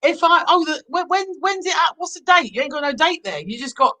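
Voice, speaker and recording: A woman guest on a chat show, chatty, playful and animated. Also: sits high, brisk, low-quality recording. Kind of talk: casual chat.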